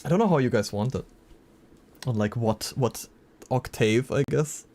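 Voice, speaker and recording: A man's voice: mid-range voice, lively intonation, normal speed, warm tone. A man streaming live, chatting casually and reacting to messages from his chat.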